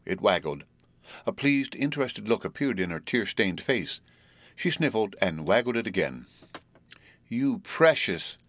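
A man reading a story aloud in a steady, measured narration. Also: deep voice, dry recording. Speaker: audiobook narrator. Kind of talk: scripted narration.

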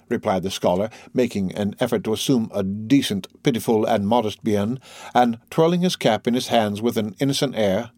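A man's voice: lowish voice, moderate pace, darkish tone, no echo, studio quality. Man narrating a classic novel. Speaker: audiobook reader.

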